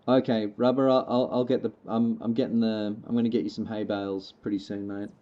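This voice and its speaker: Brisk and flat, with a voice on the low side, a man livestreams a farming game and chats loosely with viewers. He's relaxed, rambling, and jokey, and his lo-fi mic comes through a bit muffled.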